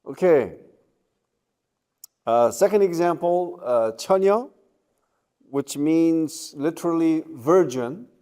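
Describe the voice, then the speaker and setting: A man giving a university lecture, checking in with the class and pausing on fillers. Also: a little high, animated, warm tone. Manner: slow, with many fillers and checking questions. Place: lecture room.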